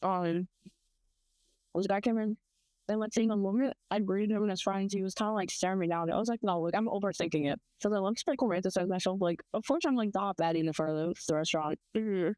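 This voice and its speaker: A woman's voice: medium pitch, brisk, a little mellow, clear, resonant tone, no echo. Young American woman, profane storyteller. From United States. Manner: profane, rambling storytelling with quoted voices. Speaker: podcast co-host. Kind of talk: casual chat.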